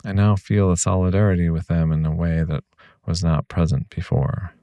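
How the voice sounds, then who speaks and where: A man's voice: low-pitched, level tone, moderate pace, mellow, no echo. A man hosting a reflective podcast monologue, speaking earnestly and reassuringly straight to the listener. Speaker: podcast host.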